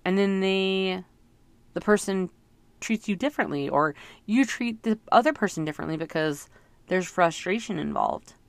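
A woman's voice: medium pitch, lively intonation, moderate pace, gravelly, no room sound. A middle-aged woman talking through her thoughts in a casual, rambling, reflective monologue, full of fillers. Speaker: parent sharing reflections.

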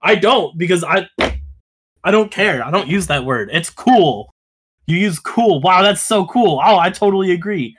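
Animated swearing man, slightly high voice. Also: moderate pace, husky. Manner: animated, swears, laughs often. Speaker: podcast co-host. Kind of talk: casual podcast chat.

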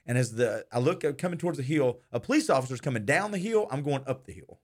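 A man tells a story in casual conversation at a rapid pace. His delivery is brisk and lively, with a voice of middling pitch. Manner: brisk, lively anecdote teller.

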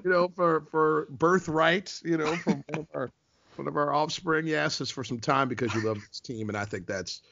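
A man's voice: fairly high pitch, normal speed, vocal fry, fairly bright tone, muffled recording, slight background noise. A man in his forties from the United States, a team TV host and courtside reporter, chatting as a podcast guest, laughing often and restarting his sentences. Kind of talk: casual podcast interview.

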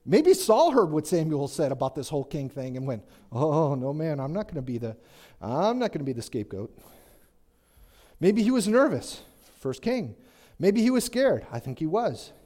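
Lively high-voiced male preacher. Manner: chatty, asks the congregation questions, jokes in asides. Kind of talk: conversational sermon.

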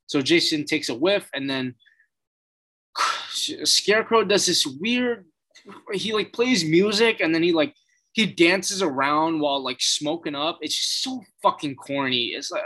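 A man's voice: fairly high pitch, unhurried, pushed and bright. A man recapping a TV episode in a casual, blunt way, swearing and using plenty of fillers. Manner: blunt, profane, frequent fillers.

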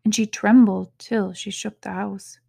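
A woman reading a storybook aloud in an unhurried, soft-spoken way, sometimes dropping to a whisper. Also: mid-range voice, level tone, gravelly, breathy edge, dry recording, clean studio sound. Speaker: podcast reader.

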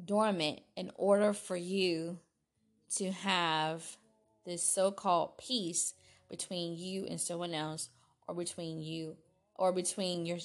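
Slow-talking woman hosting a solo podcast. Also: mid-range voice. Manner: slow, chatty and self-deprecating, with laughs and restarts. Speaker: podcast host. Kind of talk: casual solo podcast talk.

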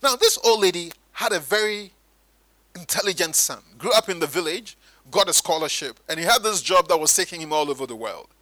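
A man preaching a sermon, animated and sometimes mimicking churchgoers in higher voices. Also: a little fast, dry recording, poor audio.

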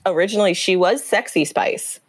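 A woman in her thirties, a podcast guest, chatting in an animated, giggly way with many fillers. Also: medium pitch, fairly quick, breathy edge, no room sound. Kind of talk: casual chat.

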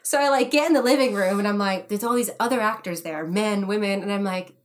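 A young American woman, an actor, telling a story in casual chat, animated and laughing often as she acts out quotes. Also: medium pitch, fast. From United States. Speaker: podcast guest, actor.

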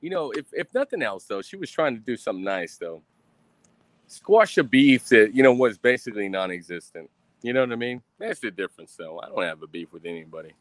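A man's voice: fairly low pitch, lively intonation, fast talker, dry recording. A young man, ranting on a livestream in a boastful, profane, swaggering way. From Texas. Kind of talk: casual rambling livestream rant. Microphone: streaming mic.

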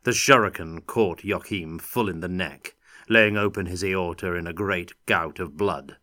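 A male audiobook narrator reading in a steady, dramatic storytelling manner. He takes his time, with a lowish but bright voice, recorded close and dry. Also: measured pace, no echo. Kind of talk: scripted narration.

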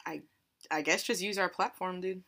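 A young woman with a slightly low but bright voice presents a case on a casual podcast. She talks in a relaxed, blunt way and swears offhandedly. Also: moderate pace, creaky, a little hiss or hum. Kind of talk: casual chat and case narration.

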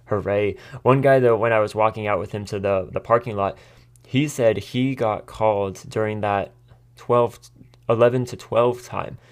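A man's voice: fairly low pitch, fairly even intonation, moderate pace, clear, resonant tone. An American man hosting his own podcast, telling a story in a chatty, casual way, laughing often and acting out what people said. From United States. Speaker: podcast host.

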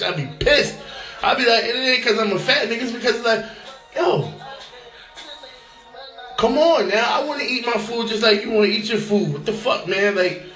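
Profane, animated man with a high voice. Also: reverberant. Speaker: podcast host. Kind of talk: casual solo podcast monologue.

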